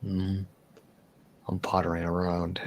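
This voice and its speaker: Guy with a low voice chilling on his stream, rambly, keeps repeating himself. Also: completely flat delivery, slow, a little mellow, a little hiss or hum. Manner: rambling, laughs easily, repeats words. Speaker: livestream host. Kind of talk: casual chat.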